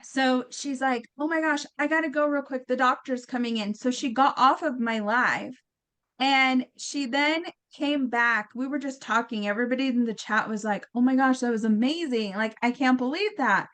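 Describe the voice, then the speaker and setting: A woman's voice: a little high, moderate pace. A woman telling a story in a casual chat, acting out quotes with lots of fillers. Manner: animated, acts out quotes, many fillers. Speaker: guest healer.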